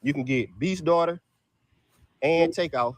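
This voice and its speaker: A man, casually pitching his dogs for sale to viewers outdoors in his yard, peppering his talk with "y'all". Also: measured pace, dry recording. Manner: drawls "y'all" constantly, Southern US dialect. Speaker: dog breeder selling dogs.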